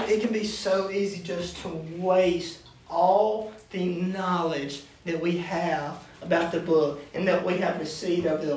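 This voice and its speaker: Guy with a high voice leading a bible class, chatty, lots of questions, big echoey room, mic far off. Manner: conversational, asks the class questions. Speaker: youth Bible study teacher. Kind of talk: casual classroom teaching. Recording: echoey room, distant mic, faint noise.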